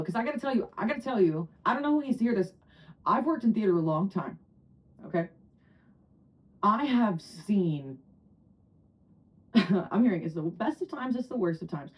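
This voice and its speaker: A woman of around forty from New Jersey giving a casual tarot reading to camera, chatty and excitable, often breaking into laughter and high squeals. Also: low-quality recording. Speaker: tarot reader.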